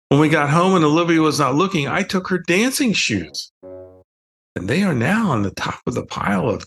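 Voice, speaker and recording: An older man, an author, reading his children's book aloud in a playful, expressive way. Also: on the high side, vocal fry. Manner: playful, expressive first-person child narration. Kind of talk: storybook reading.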